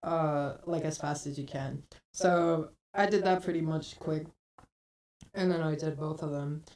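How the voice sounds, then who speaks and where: Young woman podcast cohost, low voice, rambling chatty story, sounds kinda far from the mic. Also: measured pace, a little mellow. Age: 20s. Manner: rambling storytelling, many likes. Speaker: podcast co-host. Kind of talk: casual chat.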